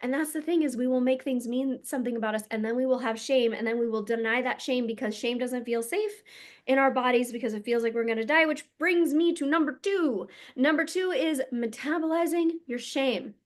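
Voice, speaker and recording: Casting: woman energy coach, higher-pitched, blunt and emphatic, casual swearing monologue. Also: fairly quick.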